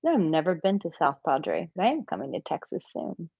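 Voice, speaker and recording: American woman, dating coach, chatty live-stream talk, slightly low voice, dry muffled sound. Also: big pitch swings, fairly quick, vocal fry, dark tone, breathy edge, dry recording. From United States. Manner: chatty, with many "like" and "um" fillers. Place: home, living in Portugal.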